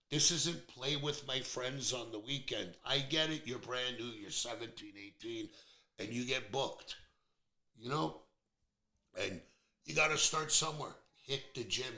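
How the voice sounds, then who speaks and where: A man's voice: medium pitch, creaky, sharp tone. A man in his fifties hosting a podcast, talking bluntly and airing strong opinions in a casual chat. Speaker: podcast host. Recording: roomy echo.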